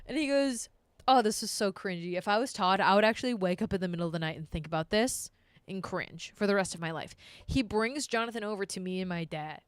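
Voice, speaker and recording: A woman streamer telling a story to her live chat in a casual, animated way, swearing freely and sounding exasperated. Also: mid-range voice, brisk, clear, resonant tone, no echo.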